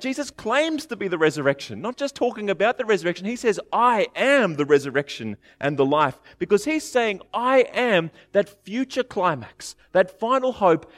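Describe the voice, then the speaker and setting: Male preacher, higher voice, chatty and animated, dry close sound. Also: moderate pace, no echo. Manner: conversational and animated, acting out quoted speakers. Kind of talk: sermon.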